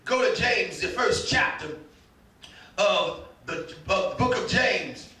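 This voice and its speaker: Male pastor, fervent sermon delivery, slow and bright; recorded far off in a very reverberant sanctuary. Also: sits high, animated. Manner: fervent preaching, shouting and half-singing, repeated stammered starts. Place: church sanctuary. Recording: very echoey room, mic at a distance.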